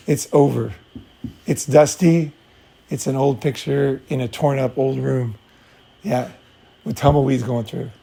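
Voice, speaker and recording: A man's voice: a little high, gravelly, a little mellow, a little hiss or hum. A man talking casually as a dating coach, blunt and profane, acting out both sides of a breakup. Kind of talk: casual talk with acted-out scenes.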